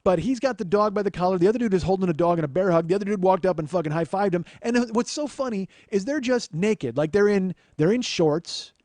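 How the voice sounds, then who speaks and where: A man with a fairly high voice tells a comic story in a sardonic, swearing rant. The sound is dry and close, with no room echo. He is a podcast host. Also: animated, quick pace, few pauses, a little mellow. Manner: profane, sardonic, ranting. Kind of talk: comedic storytelling monologue.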